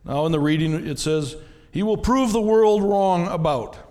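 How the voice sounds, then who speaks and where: A man's voice: high-pitched, normal speed, darkish tone, in a large hall. A man, a pastor, preaching a sermon in a conversational way, often asking the congregation questions.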